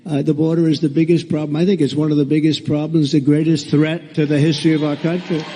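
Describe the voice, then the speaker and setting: A man's voice: on the high side, little pitch movement, fast talker, warm tone, slight background noise. A man giving a rally speech in a blunt, repetitive, sarcastic manner. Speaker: political candidate at a rally. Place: large rally venue. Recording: long reverb of a large hall.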